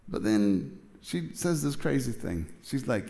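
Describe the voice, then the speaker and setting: Middle-aged male pastor, mid-pitched voice, casual storyteller who acts out the dialogue in his sermon. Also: a little fast, gravelly. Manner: animated storytelling, acting out both sides of a dialogue; casual, chatty, with many fillers and asides.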